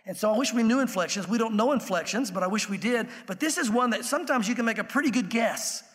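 A man's voice: high voice, animated, quick pace, fairly bright tone, long reverb tail. A man preaching a sermon in a conversational way, acting out the voices he quotes. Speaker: pastor.

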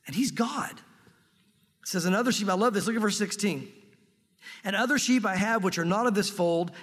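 A man's voice: high-pitched, long reverb tail. A man preaching a Bible-teaching sermon, earnest and emphatic, enthusiastic and given to restarts. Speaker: pastor.

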